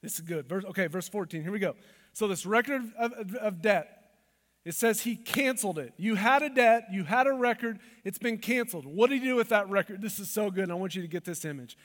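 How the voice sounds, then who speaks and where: A high-voiced man preaching a sermon in a large hall with a long, ringing reverb. He moves between quiet, intimate asides and loud, driving declarations. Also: expressive, brisk. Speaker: pastor.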